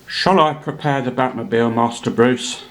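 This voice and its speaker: A man voicing an elderly butler who is deadpan and hard of hearing. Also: medium pitch, normal speed, a little hiss or hum, lightly acted. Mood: dry.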